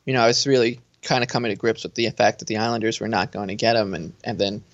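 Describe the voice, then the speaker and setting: A man's voice: on the low side, fast talker. Rambling man on a dull lo-fi line. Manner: rambling, self-interrupting, animated storytelling. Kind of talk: casual sports chat. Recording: dull lo-fi sound.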